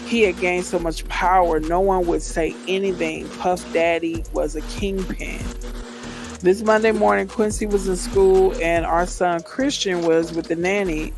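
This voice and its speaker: A man reading a memoir aloud on a live reaction stream, reading dramatically and breaking off to comment. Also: high-pitched.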